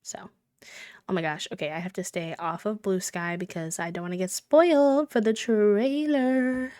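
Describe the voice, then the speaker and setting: A woman streamer chatting casually with her live viewers, greeting them warmly and often pausing with ums and restarts. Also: lowish voice, expressive, no echo, studio quality. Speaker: Twitch streamer.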